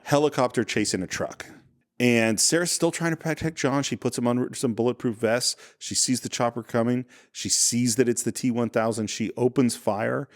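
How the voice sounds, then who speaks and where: Male film podcast co-host, average pitch, detailed scene-recapper, chatty. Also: moderate pace. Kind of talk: casual film discussion. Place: living room.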